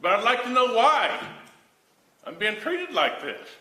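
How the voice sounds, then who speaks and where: A man's voice: extremely high pitch, big pitch swings, measured pace, bright, forceful tone. A man speaking at a county board meeting, complaining in an aggrieved, pleading way that he is being singled out. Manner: aggrieved, pleading, rising to anger. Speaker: county employee addressing the board. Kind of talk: public comment at a meeting. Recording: echoey meeting room.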